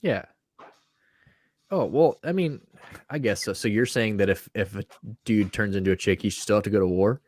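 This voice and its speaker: This podcast co-host has a lowish voice, speaks at normal speed and leaves long pauses, on a dry recording. He trades casual banter, telling profane, animated stories and laughing often.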